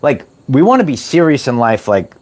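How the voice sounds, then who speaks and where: Animated man on a motivational livestream. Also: medium pitch, normal speed. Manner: animated, repetitive, playful, drawls words like "baby". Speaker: host of a spiritual wellness livestream. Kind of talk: motivational livestream talk to chat.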